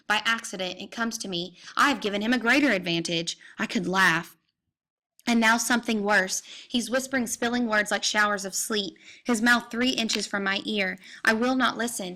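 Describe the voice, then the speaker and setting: A woman reads a literary novel aloud in the first person with intense, dramatic delivery. Her voice is bright and forward, and she sometimes sinks into hushed tones. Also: mid-range voice. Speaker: audiobook reader.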